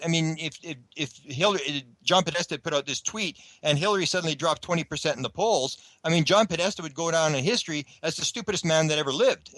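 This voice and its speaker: A man's voice: a little high, a bit bright, no echo, poor audio. A man being interviewed on a radio show, talking at length in a rambling way with many restarts. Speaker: guest researcher.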